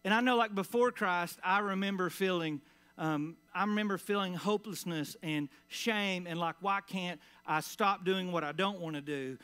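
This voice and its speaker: A man preaching a sermon in church in a casual, conversational way, full of fillers, sometimes dropping to a quiet, low voice for emphasis. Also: normal speed, smooth. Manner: conversational preaching with many "like" and "all right" fillers. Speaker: pastor. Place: church sanctuary.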